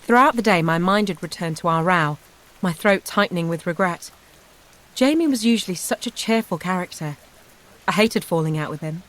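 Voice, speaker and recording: A woman narrating a first-person memoir audiobook in an even, measured storytelling manner. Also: lowish voice.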